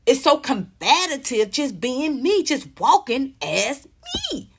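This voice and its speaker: A woman in her fifties gives emphatic, outspoken pop culture commentary in an animated vlog, reading posts aloud, reacting to them and swearing freely. Her voice sits high and is husky, slow and sing-song.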